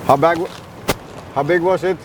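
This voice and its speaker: A man's voice: fairly high pitch, fairly even intonation, normal speed, background noise. A man with a Swedish accent hosting a casual live fishing stream from a boat, chatting with viewers and asking his guest questions. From Sweden. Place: on a boat at sea, outdoors.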